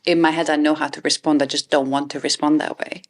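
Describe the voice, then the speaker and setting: A young adult woman co-hosting a podcast, reflective and halting, restarting sentences often as she explains her feelings. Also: deep voice, little pitch movement. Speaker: podcast co-host. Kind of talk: casual chat.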